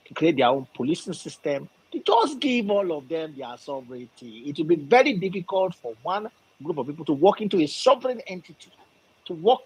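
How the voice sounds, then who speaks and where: A man's voice: on the high side, husky, poor audio. A Nigerian man from the southwest making an impassioned political argument, emphatic and repetitive. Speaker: discussion participant.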